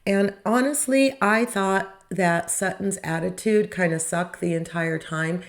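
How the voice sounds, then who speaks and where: A woman's voice: on the low side, a little slow. A woman hosting a podcast, recapping a reality show in a casual, opinionated way with wry asides and rhetorical questions. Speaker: podcast host.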